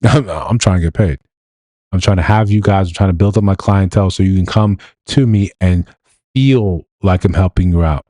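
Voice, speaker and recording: A man giving blunt, animated livestream commentary, often mimicking other people in quotes. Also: low-pitched, fairly quick, dry recording. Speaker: streamer and commentator.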